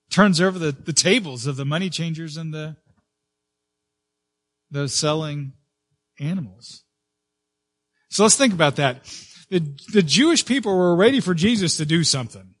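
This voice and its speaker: A man preaching a sermon as pastor, earnest, with frequent fillers and restarts, rising and slowing to stress key words. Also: on the high side, fairly bright tone.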